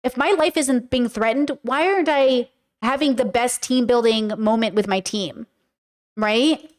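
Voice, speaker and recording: A woman with a high voice hosts a casual commentary podcast. She talks in a chatty, animated way and slips into quick acted-out lines of dialogue. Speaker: podcast host reacting to a clip.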